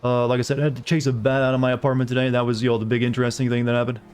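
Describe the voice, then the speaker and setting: A man's voice: mid-range voice, little pitch movement, racing, darkish tone, smooth, soft background music. A young man from the southern United States, a streamer chatting casually and rambling as he plays, swearing now and then. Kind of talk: casual chat while gaming.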